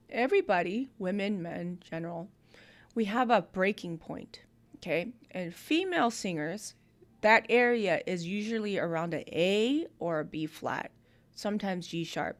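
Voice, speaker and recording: A woman's voice: mid-range voice, expressive, normal speed. A woman hosting a live-stream music review, coaching an artist with technical notes on vocals and production. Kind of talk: live-stream feedback on submitted songs.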